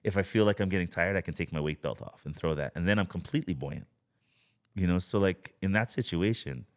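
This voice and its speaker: Man, podcast guest, low voice, easygoing storyteller, casual chat, studio mic. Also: fairly quick. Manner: relaxed storytelling, frequent "you know" and "like". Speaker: guest, spearfisher.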